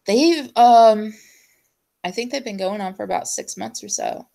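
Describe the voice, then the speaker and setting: A young adult woman hosting a casual chat show, rambling and hesitant with many ums and pauses. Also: mid-range voice, lively intonation, creaky, warm tone. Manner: chatty, full of ums and trailing pauses. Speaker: show host.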